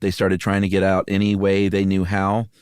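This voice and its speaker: Deep-voiced man explaining steadily. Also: moderate pace, clear, resonant tone, no echo. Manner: steady and explanatory, frequent "uh" fillers, dry asides. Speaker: podcast co-host. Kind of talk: casual conversational storytelling.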